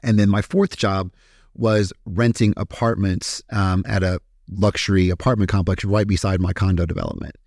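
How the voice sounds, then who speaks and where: A man from Kentucky, a podcast guest telling his story in a candid, animated way and swearing freely. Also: sits low, moderate pace, dry recording, clean studio sound. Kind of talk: casual storytelling interview.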